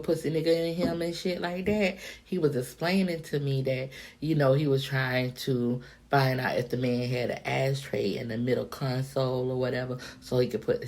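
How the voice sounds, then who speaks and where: Very deep, gravelly-voiced woman telling a story. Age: adult, past her younger days. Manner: candid, profane, animated storytelling. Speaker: vlogger. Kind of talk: casual storytime monologue.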